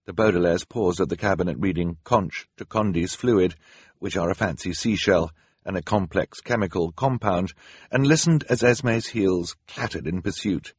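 A man narrating a storybook with expressive, dramatic storytelling. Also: sits low, moderate pace, breathy edge, dry recording. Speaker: audiobook narrator. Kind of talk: scripted narration.

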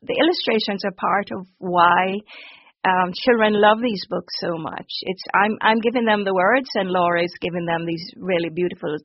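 A woman's voice: on the low side, moderate pace, no echo. Woman, close dry lo-fi sound. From Jamaica. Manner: warm, enthusiastic, laughs often. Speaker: children's author. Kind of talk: radio interview answers. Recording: dull lo-fi broadcast audio.

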